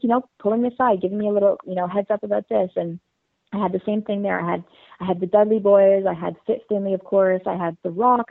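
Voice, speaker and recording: A woman's voice: medium pitch, vocal fry, dry recording. A woman being interviewed, telling her story in a bubbly, rambling way with many fillers. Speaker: interview guest. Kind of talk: casual interview. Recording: dry, phone-like line.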